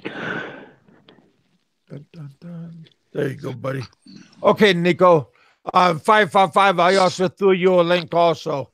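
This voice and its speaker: A middle-aged man hosting a casual live stream, chatting with callers in a halting way, often repeating his words. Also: sits high, a bit bright, no room sound. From USA. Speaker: streamer host.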